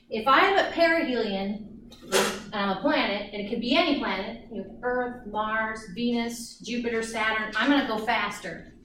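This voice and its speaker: A woman explains astronomy to her class in a fairly high voice, chatty and prone to restarting her sentences. She is picked up from a distance in an echoey classroom, with faint room noise behind her. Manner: chatty, restarts often, acts out orbits with sound effects. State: out of breath. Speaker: astronomy instructor. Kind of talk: classroom lecture. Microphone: far from the mic. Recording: echoey classroom recorded from afar.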